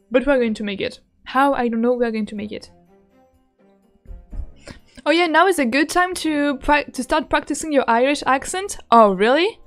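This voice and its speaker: A woman streaming a game, chatting casually with a giggly, rambling manner and lots of fillers. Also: sits high. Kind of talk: casual gameplay commentary.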